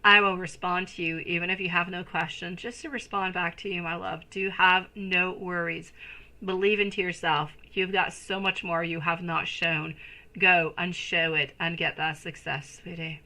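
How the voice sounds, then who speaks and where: A woman hosting a live tarot reading, showering her viewers with sweeties and my loves. Her voice is bright and clear, her talk warm-hearted and effusive, spoken into a desktop mic at home. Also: on the low side, level tone, moderate pace, rough recording. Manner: gushing, endearing, calls viewers sweetie and my love. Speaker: tarot reader.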